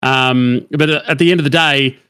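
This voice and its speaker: A man's voice: medium pitch, fairly even intonation, normal speed, pushed and bright, smooth, no room sound. Opinionated swearing man, dry sound. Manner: opinionated, argumentative, heavy swearing. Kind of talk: casual chat.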